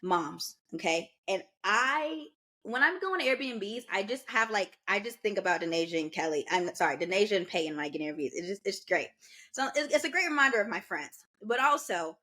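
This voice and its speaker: A young woman with an American accent tells a long story on a podcast, animated and chatty. Her pitch sits mid-range for a woman, and she slips into quoted voices of herself and others. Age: young adult. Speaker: podcast co-host. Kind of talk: casual storytelling chat.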